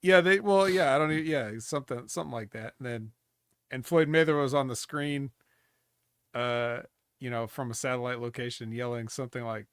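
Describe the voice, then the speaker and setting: A man's voice: medium pitch, a little fast, clean tone, dry recording, studio quality. A man co-hosting a casual wrestling review podcast in a laid-back, wry way. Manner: laid-back, wry, recalls old matches. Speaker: podcast co-host.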